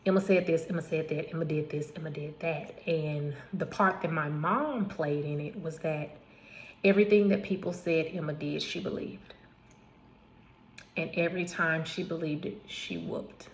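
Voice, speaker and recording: Gravelly low-voiced woman telling her story. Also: moderate pace, a little hiss or hum. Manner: repetitive, emphatic retelling with asides and restarts. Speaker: vlogger telling her own life story. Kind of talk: casual personal storytelling.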